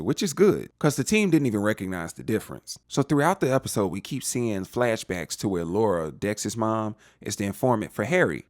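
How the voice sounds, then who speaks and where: This is a man running through a TV episode recap in a relaxed, slangy way, speaking straight to his viewers. His voice moves up and down a lot in pitch and sits at an ordinary male pitch. The sound is close and dry, with no room in it. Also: dry recording. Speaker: TV show reviewer. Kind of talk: casual spoiler recap.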